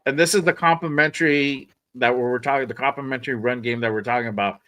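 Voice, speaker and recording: Rambling male podcast host, mid-pitched. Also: steady tone, quick pace, bright, forceful tone. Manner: loose and rambling, swears, repeats himself. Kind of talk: casual sports podcast chat.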